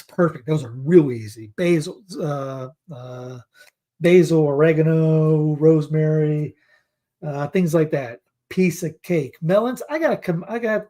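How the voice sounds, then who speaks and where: A man's voice: fairly high pitch, dark tone. Sarcastic man reading headlines. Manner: sarcastic asides between headlines; rambling, with many restarts and fillers. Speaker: news commentary host. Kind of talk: casual news commentary, reading headlines aloud.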